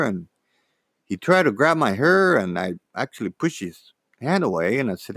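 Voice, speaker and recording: A man telling a personal story in a rambling, animated way, full of fillers and restarts. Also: mid-range voice, normal speed, husky, no echo, studio quality.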